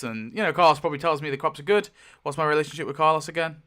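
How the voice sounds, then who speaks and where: Man, casual solo tabletop game narrator, thinks aloud, lots of ums and restarts, bright crisp voice. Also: a little high, very fast. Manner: thinking aloud, frequent fillers and self-corrections.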